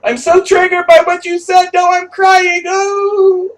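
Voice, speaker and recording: A man voicing an overwrought, sobbing man in a mocking falsetto wail. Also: level tone, a little slow.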